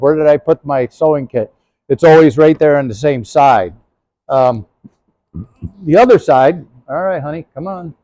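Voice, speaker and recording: A man's voice: a little high, darkish tone, no room sound, low-quality recording. Folksy man demonstrating horse packing. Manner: folksy, rambling, many fillers. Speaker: historical horse trekking presenter. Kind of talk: casual demonstration talk.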